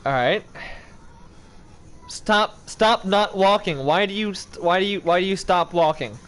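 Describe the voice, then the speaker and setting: A man's voice: sits high, measured pace, fairly bright tone. A young man giving casual gameplay commentary, pleading with and scolding an in-game character that won't go the right way. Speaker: gaming video creator.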